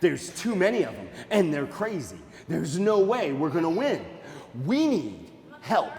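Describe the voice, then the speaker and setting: A man voicing a cautious, wise male black panther who speaks low, measured and serious. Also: a little mellow, in a large hall, full character voice.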